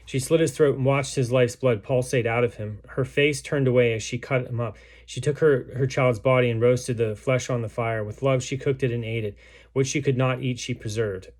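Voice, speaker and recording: A man reading a book aloud as narrator, in a measured way with small restarts. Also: mid-range voice, darkish tone. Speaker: storybook reader.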